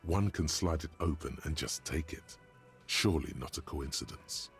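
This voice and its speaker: A very deep, gravelly narrator. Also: male voice, soft background music. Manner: measured, literary description. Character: omniscient male narrator, detached and descriptive. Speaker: game narrator. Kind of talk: scripted game narration.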